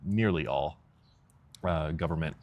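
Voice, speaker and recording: A man's voice: very deep voice, a little slow, a little mellow. A man hosting a casual podcast interview, laughing often and rambling as he searches for words. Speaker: podcast host. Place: outdoors in a park. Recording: faint outdoor background noise.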